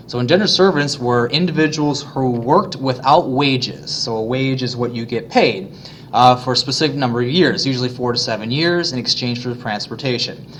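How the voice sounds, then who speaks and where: A man teaching history in an easygoing, conversational way, peppered with filler words. His voice sits at a middle pitch. A faint background hiss runs under the recording. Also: moderate pace, fairly bright tone. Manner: casual, many fillers, plays voices of colonists. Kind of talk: classroom lesson narration.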